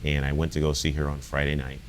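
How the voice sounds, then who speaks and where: A man's voice: very deep voice, completely flat delivery, quick pace. A man coaching a soccer team, chatting in a laid-back way with lots of fillers. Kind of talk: casual podcast chat.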